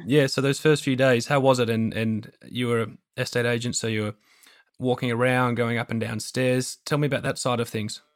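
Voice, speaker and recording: A man hosting a podcast, asking calm, steady questions. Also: mid-range voice, fairly quick, no room sound, clean studio sound. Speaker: podcast host. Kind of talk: interview questions.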